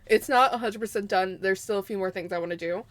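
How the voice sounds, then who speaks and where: A woman's voice: mid-range voice, fast talker, fairly bright tone, no room sound. A woman streamer chatting casually and giggling while she fiddles with her setup. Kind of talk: casual live-stream chat.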